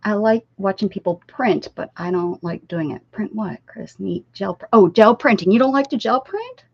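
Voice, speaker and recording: A woman's voice: mid-range voice, animated, moderate pace, vocal fry, a little mellow, no room sound. Older woman, craft-stream host, rambling friendly chat with viewers, slightly dull lo-fi sound. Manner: chatty, reads chat aloud and answers viewers. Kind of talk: casual livestream chat. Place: home craft room at a desk.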